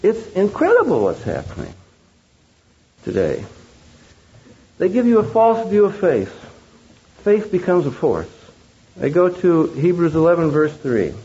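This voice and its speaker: A man's voice: sits high, wildly swooping pitch, measured pace, long pauses, mellow. A man preaching a sermon, emphatic and full of rhetorical questions to the audience. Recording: dull lo-fi recording.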